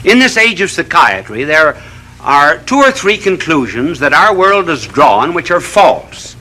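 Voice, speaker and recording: Bishop preaching on tv, high ringing voice, very bright and sharp, keeps firing rhetorical questions. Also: male voice, sing-song, unhurried, low-quality recording. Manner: oratorical, builds through long runs of rhetorical questions. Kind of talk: televised sermon. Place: television studio.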